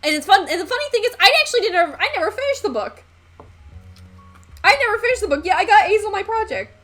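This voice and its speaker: A woman's voice: extremely high pitch, sing-song, quick pace, fairly bright tone, faint music behind. A young woman streaming while she paints, chatting in a rambling way with lots of fillers and the odd swear word. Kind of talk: casual chat while painting on a live stream.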